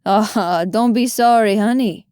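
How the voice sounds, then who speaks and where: Woman reading a bright, friendly male rescuer with a faint sing-song lilt, in a dry booth. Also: mid-range voice, measured pace, smooth, no room sound, lightly acted. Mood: cheerful. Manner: warm, sing-songy and gentle.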